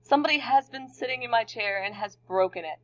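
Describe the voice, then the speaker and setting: A woman reading as a squeaky baby bear cub. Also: fairly quick, natural voice. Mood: whiny. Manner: reads the lines half-heartedly. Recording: dull lo-fi recording.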